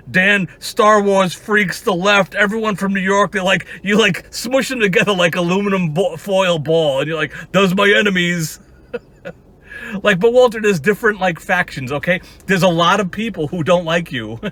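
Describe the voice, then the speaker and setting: Man, youtube commentator, mocking profane rant, high bright voice. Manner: profane, mocking, frequent laughs and restarts. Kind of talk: ranting commentary.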